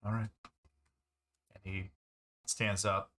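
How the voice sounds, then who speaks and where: A man with a lowish voice runs a tabletop game as its game master. His narration is relaxed and wry, with casual fillers. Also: takes it slowly.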